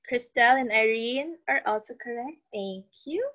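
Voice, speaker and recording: A woman's voice: a little high, lively intonation, normal speed, pushed and bright. A woman teaching a live online class, chatting and reading out students' answers. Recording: lo-fi dull audio.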